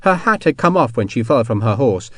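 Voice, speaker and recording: An audiobook narrator reads an adventure novel from a script in a steady, measured storytelling voice. He has a mid-range voice, and the recording is dry with studio quality.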